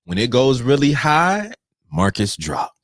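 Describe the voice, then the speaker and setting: Energetic man hosting a live trading show. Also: mid-range voice, unhurried, dry recording, clean studio sound. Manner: energetic, preachy and playful, addressing viewers directly. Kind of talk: live pre-market trading talk.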